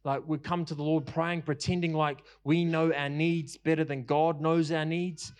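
A man's voice: on the high side, flat delivery, moderate pace. Man preaching with fervent repetition. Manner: passionate, repetitive preaching with casual fillers. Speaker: pastor. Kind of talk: sermon.

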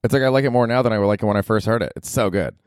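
A man hosting a casual comedy podcast, talking in a sarcastic, profane, animated way into a close mic. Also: on the low side, rapid-fire, no room sound. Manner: sarcastic, swears a lot, animated asides. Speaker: podcast host.

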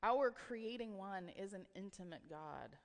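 A woman's voice: mid-range voice, expressive, unhurried. A woman giving a sermon, talking in an earnest, reflective way with casual filler words. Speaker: preacher. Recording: long reverb of a hall.

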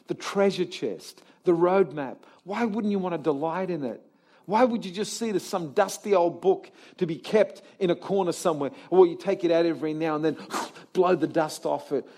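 A man preaching a sermon to a live congregation, swinging from quiet talk to shouted exhortation and firing rhetorical questions at the crowd. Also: medium pitch. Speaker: pastor. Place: church service before a live congregation.

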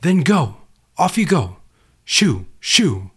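A man's voice: a little high, sing-song, normal speed, voice pushed up. A man voicing a stubborn man who insists on waiting in a flood and brushes off every offer of help. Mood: indignant. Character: stubborn adult man refusing rescue in a flood.

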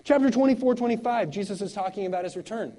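A man preaching a sermon, swinging between loud exclamations and quiet intensity, with laughing conversational asides. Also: high-pitched, fast talker, low-quality recording. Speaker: pastor.

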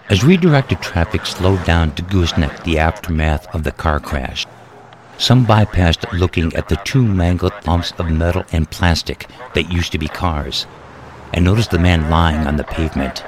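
A man reading his own short story aloud in a steady, measured narration. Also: sits low, noisy background. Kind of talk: scripted narration. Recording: narration with music underneath.

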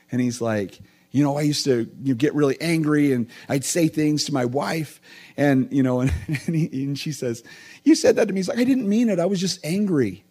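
A man's voice: mid-range voice, dark tone. A middle-aged male pastor giving a conversational sermon with earnest asides.

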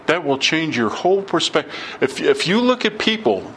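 A man's voice: on the high side, very animated, normal speed, a bit bright, a little hiss or hum. A middle-aged man giving an informal sermon, telling stories in a conversational way and acting out the dialogue. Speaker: preacher.

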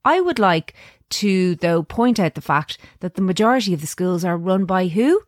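A woman's voice: on the low side, animated, moderate pace, no echo, studio quality. A woman with an Irish accent, co-hosting a radio talk show in casual chat. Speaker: radio co-host.

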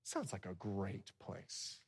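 A man preaching a sermon to a congregation, swinging from hushed lines to loud ones and slipping in humorous asides. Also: sits low, sing-song, takes it slowly, creaky, breathy edge, long reverb tail. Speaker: pastor.

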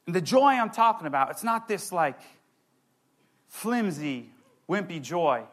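A young man preaching a sermon, excitable and animated, with playful asides. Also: high-pitched, a little slow. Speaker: pastor.

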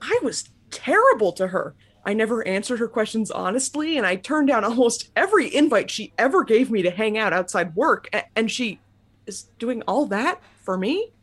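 A woman's voice: fairly high pitch, sing-song, moderate pace, breathy edge. A woman voicing a bitter, self-loathing young male writer in an audio drama, anguished, her voice climbing and breaking. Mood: regretful.

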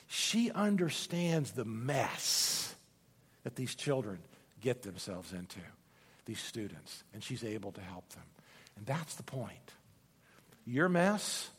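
A male pastor preaches to his congregation, telling stories and often tripping over his words in quick restarts. His voice sits at an ordinary middle pitch and rings out with a long reverb, as in a large church sanctuary. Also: breathy edge. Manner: storytelling with frequent stammered restarts. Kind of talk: sermon.

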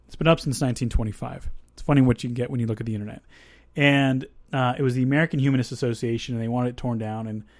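A man hosts a podcast in an easygoing, conversational way, drifting into asides and restarting his thoughts. His voice sits at a middle pitch. The recording is dry and close. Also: steady tone, very fast, hardly any pauses, dry recording. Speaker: podcast host. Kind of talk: casual podcast discussion.

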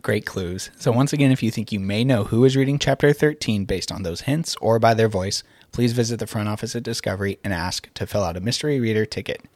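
A man hosts a school reading podcast and hands over to a guest reader. He talks quickly in a lowish voice, recorded dry. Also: a little mellow, no room sound. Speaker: podcast host. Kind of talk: show introduction.

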